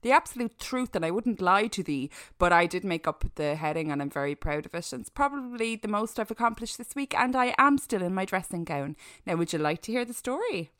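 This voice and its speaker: A woman's voice: mid-range voice, lively intonation, brisk, hardly any pauses, fairly bright tone, no room sound, studio quality. A woman co-hosting a podcast, telling a story and teasing her co-host with swearing. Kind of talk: casual chat.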